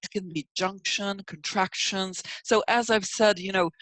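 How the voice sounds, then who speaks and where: A woman's voice: mid-range voice, steady tone, moderate pace, fairly bright tone, dry recording, poor audio. A woman with a slight North American accent giving a pronunciation lecture in a webinar, chatty and full of fillers like "you know", sounding out example phrases. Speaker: language teacher.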